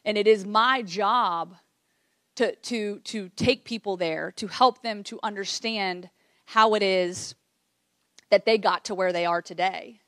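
A woman's voice: medium pitch, a little slow, fairly bright tone, dry recording, clean studio sound. A woman in her late thirties giving an emotional keynote speech to a live audience, earnest, repeating phrases for emphasis. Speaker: keynote speaker. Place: event room with audience.

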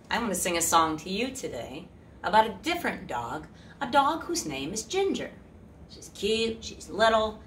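A woman hosting a children's music show, talking softly and playfully to young listeners and pretending to forget things. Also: fairly low pitch, distant mic, a little hiss or hum. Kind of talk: gentle talk to children. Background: guitar.

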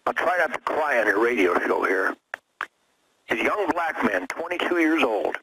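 A man's voice: medium pitch, expressive, normal speed. Fiery, emphatic man on a noisy line. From United States. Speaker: radio show guest. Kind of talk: impassioned radio interview.

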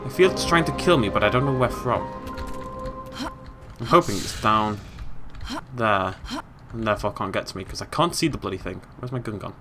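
A British man hosting a let's play, joking, talking to the game and making squeaky silly noises as he plays. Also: expressive, moderate pace, over music. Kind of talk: casual gameplay commentary.

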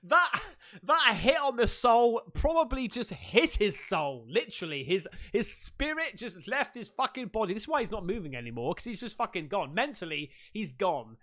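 Here an English man sits high in pitch and talks at a normal speed. As a video host giving loose reaction commentary, he's excitable, loudly exclaiming and swearing.

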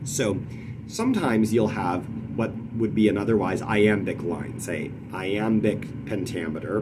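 A man teaching poetry meter, explaining in a lively way and tapping out rhythms with nonsense syllables. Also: on the low side, measured pace, background noise. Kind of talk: explanatory lesson.

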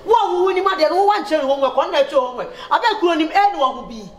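Scolding mother played by a woman, high lively voice, echoey room, comedy sketch. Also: rapid-fire. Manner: scolding, animated, laughing between words. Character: scolding mother, loud and sharp.

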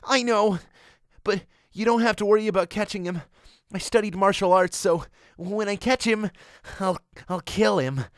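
A woman's voice: mid-range voice, normal speed, no echo, studio quality, close to an everyday voice. A woman voicing an anxious, vengeful young man in a comic fanfic reading, with a hesitant, stumbling delivery. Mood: earnest.

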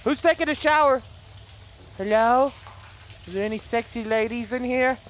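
A man's voice: very high-pitched, moderate pace, a bit bright, a little hiss or hum. A man with a sore, strained throat doing gameplay commentary, joking to viewers and screaming and swearing at scares. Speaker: let's play host.

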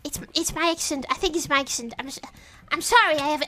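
A woman from Europe commentating her live game stream in an excitable way, often breaking into startled shrieks. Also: high-pitched, fast talker, very noisy.

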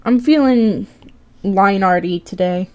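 A woman's voice: medium pitch, slow pace, muffled recording. A tired young woman streaming live, chatting casually while she draws, rambling, swearing and poking fun at herself.

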